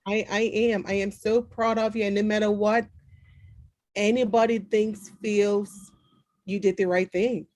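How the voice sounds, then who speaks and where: A woman's voice: mid-range voice, flat delivery, measured pace, darkish tone, no room sound. A woman hosting an interview, soothing and reassuring, answering with short affirmations. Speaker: podcast host. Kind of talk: supportive interview chat.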